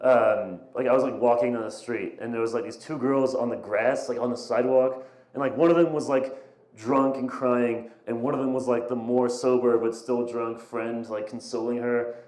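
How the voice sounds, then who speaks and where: A man's voice: medium pitch, fairly even intonation, moderate pace, darkish tone. Rambling young stand-up guy in an echoey room. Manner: rambling, self-deprecating, stammering restarts. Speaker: stand-up comedian. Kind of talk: stand-up set. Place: small comedy venue. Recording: echoey, poor-quality live room recording. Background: audience laughter.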